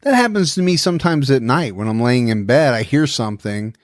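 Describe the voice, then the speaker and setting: A man's voice: mid-range voice, animated, a little fast, dry recording, studio quality. A man co-hosting a podcast, chatting in an easygoing way. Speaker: podcast co-host. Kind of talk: casual chat.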